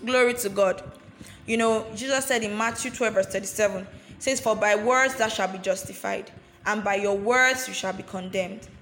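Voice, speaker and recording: A woman's voice: a little high, a bit bright, slight background noise. A woman preaching a sermon with fervour, often calling out hallelujah and amen and repeating phrases for emphasis. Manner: addresses listeners directly and repeats phrases for emphasis. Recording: roomy, echoey sound.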